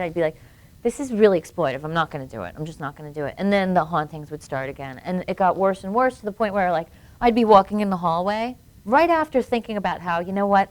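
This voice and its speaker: A woman's voice: fairly low pitch, darkish tone. A woman guest on a live-streamed interview, telling a personal story in earnest and acting out the voices of people she quotes. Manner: earnest, acts out quoted voices while recounting events. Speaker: guest filmmaker.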